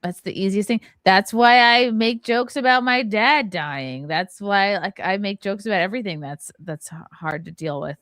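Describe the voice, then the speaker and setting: A stand-up comedian in her thirties hosts a podcast, talking candidly and profanely in an emotional conversation, her medium-pitched voice jumping up sharply when she gets upset. She speaks at normal speed with hardly any pauses and a fairly bright tone, in clean studio sound with no echo.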